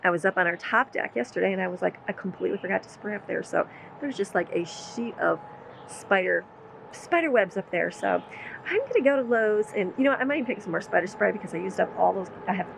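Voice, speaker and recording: A homeschooling mom who vlogs gives a chatty, rambling account of her day at home, part of it out on the deck, and talks to her pets in a high voice. She's expressive and talks fast with vocal fry. The audio is poor, with slight background noise.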